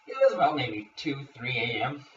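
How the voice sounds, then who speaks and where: A man's voice: mid-range voice, sing-song, normal speed. A young man co-hosting a casual podcast, telling a story animatedly with swearing and acted-out quotes. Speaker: podcast co-host. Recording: roomy, distant, dull lo-fi mic.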